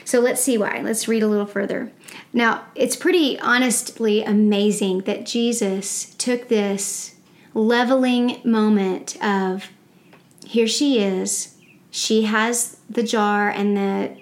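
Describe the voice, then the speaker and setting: A woman's voice: mid-range voice, fairly even intonation, takes it slowly. A woman hosting a Bible study podcast, reading scripture and commenting with earnest, exclamatory enthusiasm. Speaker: podcast host. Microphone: podcast microphone.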